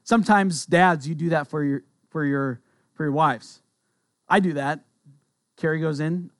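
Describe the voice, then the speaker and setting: An earnest male pastor in his thirties or forties delivers a sermon, talking conversationally and slipping into personal asides. His voice sits a little higher than most men's. The sound is close and dry, with no room echo. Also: unhurried, pauses often.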